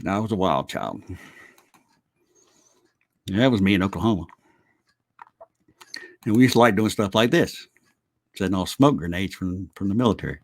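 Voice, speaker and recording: A man's voice: low voice, expressive, normal speed, long pauses, no room sound. A middle-aged man telling stories in a casual, rambling way, chuckling and swearing as he looks back on his youth. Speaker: vlogger. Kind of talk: casual storytelling.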